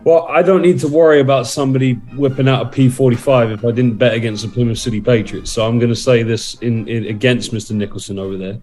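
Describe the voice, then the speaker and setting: A man's voice: medium pitch, steady tone, fast, few pauses, a little mellow, soft background music. A man co-hosting a casual sports podcast, jokey and playful, always reaching for a pun. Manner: jokey, playful, hunting for puns. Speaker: podcast co-host.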